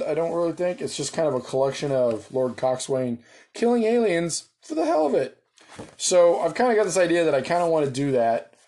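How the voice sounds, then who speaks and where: American guy, hyped solo gamer, jokes and cusses, mid-pitched everyday voice. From United States. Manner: excited, joking, swears casually. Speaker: solo tabletop game player. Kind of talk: casual solo game chat.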